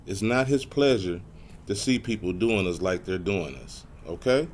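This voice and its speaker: Low-voiced man teaching scripture. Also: lively intonation, slight background noise. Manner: casual, repeats verses slowly, adds "man" and "y'all". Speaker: Bible teacher. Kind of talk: scripture lesson, reading verses slowly.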